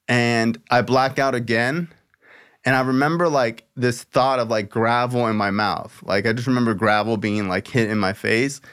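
A man's voice: medium pitch, fairly bright tone, clean tone. Man: podcast host, loose storytelling. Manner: loose, expletive-laced storytelling full of "like". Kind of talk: casual storytelling chat.

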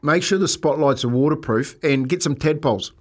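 A man co-hosting a radio show, throwing in quick wisecracks. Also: fairly high pitch. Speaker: radio co-host. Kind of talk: casual radio banter.

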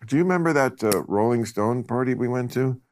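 A man's voice: medium pitch, brisk, darkish tone, a little hiss or hum. A man hosting a loose, casual conversation, joking wryly and laughing often as his sentences trail off. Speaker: host.

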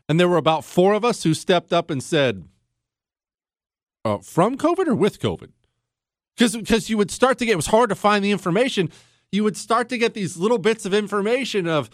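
Male political talk host: sarcastic, animated, high voice swinging wide, dry close sound. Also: brisk, dry recording. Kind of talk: political commentary.

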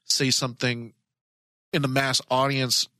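A man's voice: medium pitch, little pitch movement, measured pace, pushed and bright, clean tone, studio quality. A man co-hosting a casual podcast, agreeable, often echoing his partner and laughing easily. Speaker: podcast co-host.

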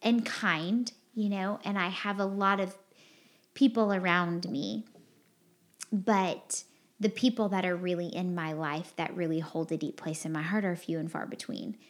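A woman's voice: on the low side, fairly even intonation, a little slow. A woman hosting a podcast, sharing personal feelings in an earnest, rambling, heartfelt way with lots of fillers. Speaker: podcast host. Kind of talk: candid confessional podcast chat.

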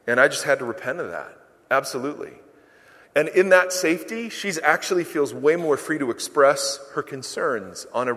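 A man preaching a sermon in an animated, emphatic way, with self-mocking humor. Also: fairly high pitch, long reverb tail. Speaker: pastor. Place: large church hall.

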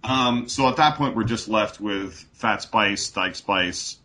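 A man's voice: lowish voice, slow, sharp tone. A man co-hosting a podcast in casual chat, laughing often and gushing about a film. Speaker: podcast co-host.

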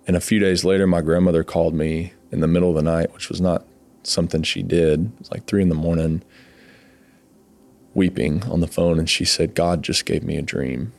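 A man telling his personal faith testimony in an earnest, emotional, halting way, often pausing on "like". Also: low-pitched, little pitch movement, darkish tone. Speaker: guest sharing his testimony.

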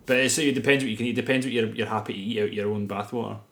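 Fast-talking Scottish podcast co-host. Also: male voice, on the low side, steady tone, a bit bright. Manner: rambling, crude humour, laughs at himself. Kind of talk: casual banter.

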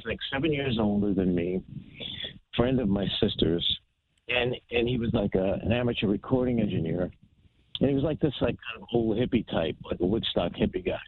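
Man from New Jersey, animated storyteller, gravelly low voice, tinny phone sound. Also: no echo. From New Jersey, United States. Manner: animated anecdote teller, acts out voices of others. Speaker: guest guitarist. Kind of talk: storytelling interview.

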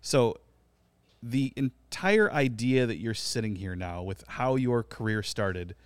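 A man's voice: medium pitch, lively intonation, slow, dry recording. A man hosting a casual soccer podcast, who teases and prods his guest to tell his story. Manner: teasing, encouraging interviewer. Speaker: podcast host.

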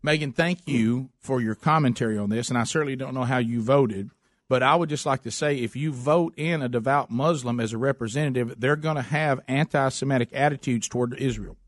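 A man's voice: mid-range voice, a little fast, dry recording, clean studio sound. A man hosting a political talk show, speaking emphatically and often repeating words as he starts a thought. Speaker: talk radio host.

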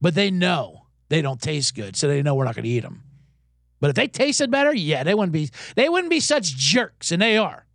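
A man's voice: a little high, very animated, normal speed, fairly bright tone, no room sound, studio quality. A man hosting a comedic sports podcast, talking in a profane, rambling, self-deprecating way. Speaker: podcast host.

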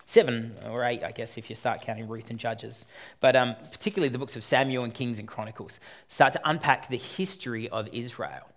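A pastor preaching a sermon, moving between quiet reflection and loud emphatic points. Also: male voice, medium pitch, brisk. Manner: dynamic, swings from quiet to emphatic.

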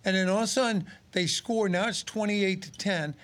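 A man's voice: high voice, moderate pace. A man in his sixties, a former pro football player and radio analyst, chatting casually about the game and animatedly acting out quotes as he tells stories. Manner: animated storyteller, acts out quotes. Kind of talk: casual sports talk.

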